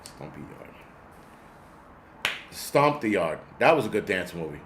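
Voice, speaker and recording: A man's voice: low-pitched, big pitch swings, measured pace, noisy background. Profane rambling man in his forties. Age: 40s. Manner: profane, rambling, talks back to chat. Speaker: host. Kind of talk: casual livestream rant.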